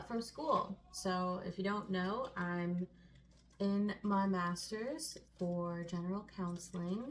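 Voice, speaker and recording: Young woman, co-host, casual chat, chatty, filler-heavy, faint background hiss. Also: lowish voice. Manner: chatty, many fillers and laughs.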